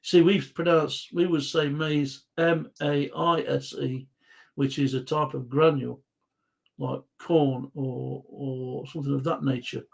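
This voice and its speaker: A man's voice: mid-range voice, fairly even intonation, measured pace, vocal fry. A British man hosting a casual live chat quiz, joking and reading out viewer comments. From Britain. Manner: jokey, reads viewer comments aloud. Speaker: host.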